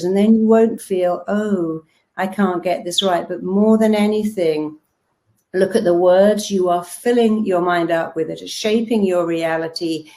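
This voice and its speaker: A woman's voice: mid-range voice, dark tone. A middle-aged woman hypnotherapist giving a motivational talk, telling stories emphatically and acting out what people say. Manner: emphatic storytelling, acting out quotes.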